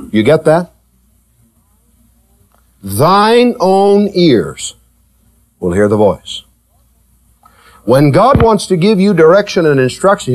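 Male preacher, sermon; slow, deliberate, emphatic, quizzes the congregation. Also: a little high. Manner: animated, teasing, asks the congregation questions; slow, emphatic delivery with big rises and drops.

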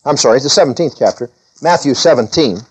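A man preaching a sermon as a pastor, reading scripture in a lifted voice and dropping low to explain it. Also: lively intonation, quick pace, breathy edge, rough recording.

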